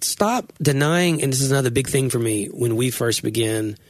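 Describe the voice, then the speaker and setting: A man's voice: medium pitch, expressive, normal speed, dry recording. A man who is a pastor, hosting a podcast and talking in an earnest, reflective way with frequent restarts. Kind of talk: casual podcast conversation.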